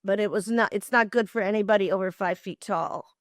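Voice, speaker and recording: An older woman telling lively, expressive stories as an interview guest, often laughing. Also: medium pitch, fairly quick, no room sound, clean studio sound. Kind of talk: animated storytelling.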